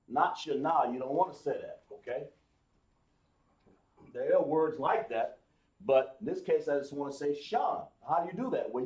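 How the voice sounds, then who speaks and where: A man teaching a live class, explaining slowly, with many fillers and restarts. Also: fairly high pitch, a little mellow, roomy sound. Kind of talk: live online class lesson.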